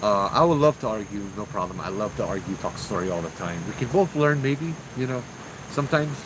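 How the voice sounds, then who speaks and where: A man tells ghost stories in an easygoing, chatty way, talking straight to his viewers. He is outdoors, with crickets and insects clearly audible behind his voice. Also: lowish voice, fairly quick, background noise. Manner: chatty, relaxed, talks to chat. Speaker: storyteller host. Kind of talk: casual live storytelling.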